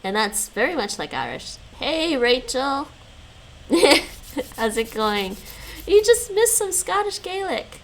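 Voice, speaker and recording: A woman's voice: sits high, very animated, takes it slowly, a little hiss or hum, rough recording. A woman streaming her language practice, repeating words after an app and chatting casually with viewers, often laughing. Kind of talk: casual chat while practising vocabulary.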